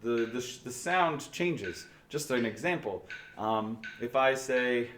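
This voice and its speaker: A man's voice: medium pitch, animated, slow, a bit bright. A man teaching a remote band lesson, patiently explaining step by step with restarts. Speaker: music teacher. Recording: echoey room, faint noise.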